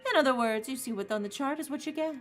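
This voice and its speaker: With soft background music playing, a woman reads a visual novel on stream in a high, fast voice, lightly acting the part. Her character is a mischievous male AI rabbit game master, delivered in a fake Southern drawl with taunting, singsong flair.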